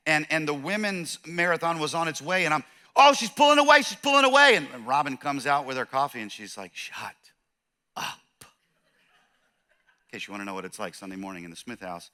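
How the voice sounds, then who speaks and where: A middle-aged pastor with a Californian accent preaches a sermon in a conversational, joking way, acting out the voices of people in the story. His voice is fairly high, pushed, and bright.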